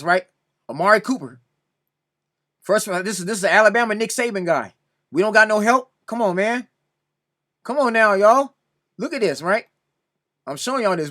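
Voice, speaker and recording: Man, high and sharp-toned, casual reaction commentary, exasperated and repetitive. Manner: exasperated, repeatedly pleading "come on now"; addresses another commentator directly. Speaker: sports reaction video host.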